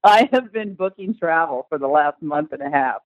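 A woman's voice: low-pitched, expressive, normal speed, no room sound, narrow, tinny audio. A woman guest in a conversational interview, talking with enthusiasm and at length. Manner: enthusiastic, talkative. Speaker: guest, tour organizer.

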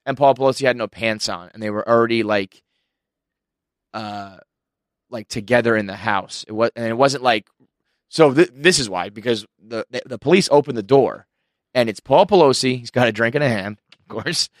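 A man's voice: medium pitch, moderate pace, no room sound, clean studio sound. A young man telling a rambling story in casual podcast chat, swearing and laughing as he goes. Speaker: podcast co-host.

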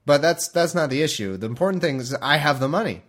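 A man's voice: on the high side, lively intonation, quick pace, a bit bright. Chatty man reading scripture aloud. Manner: chatty, bemused, laughs often. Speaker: podcast host.

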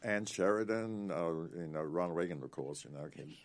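Gravelly, very low-voiced man in his eighties. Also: normal speed. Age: 80s. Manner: animated storyteller, laughs between stories. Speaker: actor guest. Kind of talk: rambling anecdotal interview.

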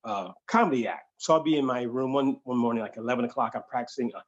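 A male stand-up comedian telling a funny story in a lively way, acting out the voices of the people in it. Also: medium pitch, fast talker, breathy edge, highs cut off. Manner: animated, acts out the voices of the people in his stories. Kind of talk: comic storytelling.

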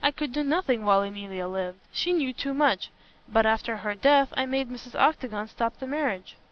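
A woman's voice: fairly quick, muffled recording, close to an everyday voice. Woman reading as Maraquito, a jealous, spiteful young woman. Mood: cold. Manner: spiteful, flares into shrill fury.

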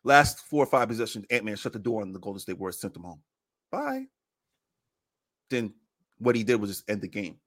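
A man in casual sports podcast chat, animated and laughing, acting out quotes as he talks basketball. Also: lowish voice, quick pace.

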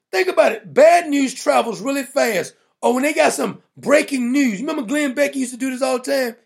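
Gravelly, blunt male political ranter. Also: very high-pitched. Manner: emphatic, mocking, blunt. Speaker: political talk show host. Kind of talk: opinionated political rant.

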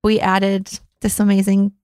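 A woman's voice: mid-range voice, completely flat delivery, a little slow, no room sound, studio quality. A woman from Austria hosting a casual podcast, chatty and talkative with easy fillers. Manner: chatty, warm-hearted, with fillers. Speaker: podcast host.

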